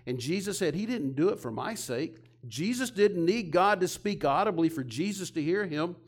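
A man preaching a sermon, retelling scripture with heavy pauses and swinging from loud urgent emphasis to hushed, near-whispered intimacy. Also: sits high, expressive.

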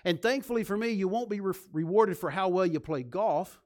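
Preaching at a brisk pace in a high-pitched voice, this man alternates between booming emphasis and quiet, hushed moments. He draws the congregation into call-and-response and pokes fun at himself along the way.

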